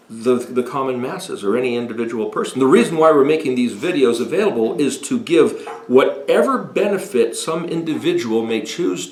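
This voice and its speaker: Older man teaching in an echoey room. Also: mid-range voice. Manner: deliberate, emphatic explaining, stretched words. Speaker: Bible teacher. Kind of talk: home study talk on Hebrew words.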